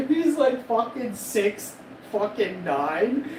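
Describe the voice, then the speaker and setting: A man's voice: very high voice, animated, takes it slowly. A man in his forties streaming live, telling a rambling, boastful, profane story and laughing at his own jokes. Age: 40s. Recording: echoey room, distant mic, loud background noise.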